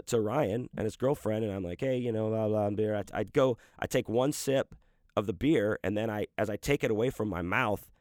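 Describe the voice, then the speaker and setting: A man with a fairly low voice tells a personal story in a loose, rambling way. He swears freely and fills his sentences with "like" and "you know". The recording is dry and close, with no room sound. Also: no room sound. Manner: profane, rambling, full of fillers. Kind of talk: casual anecdote telling.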